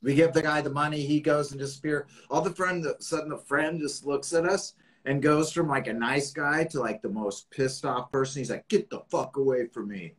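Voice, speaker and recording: A man hosting a casual interview, with a voice on the high side of average. He tells stories with lots of energy, acting out each quote and swearing freely. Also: moderate pace, few pauses, poor audio. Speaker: host.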